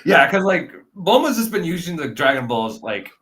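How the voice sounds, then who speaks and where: A young man co-hosting a casual movie review chat, animated and bursting into loud character voices. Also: on the high side, normal speed. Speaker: podcast co-host.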